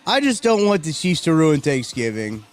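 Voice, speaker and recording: A man's voice: on the high side, sing-song, normal speed, soft background music. A man hosting a live stream, chatting casually and rambling through viewer comments. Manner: rambling, chatty, reacts to chat, yawning. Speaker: livestream host.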